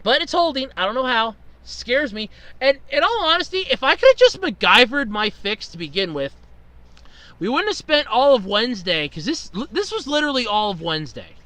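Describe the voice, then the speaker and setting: A podcast host tells a long, exasperated story in a rambling way and swears freely. His voice sits high and swings widely in pitch. It sounds bright and dry, close to the mic. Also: very animated, moderate pace, no echo. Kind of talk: casual storytelling monologue.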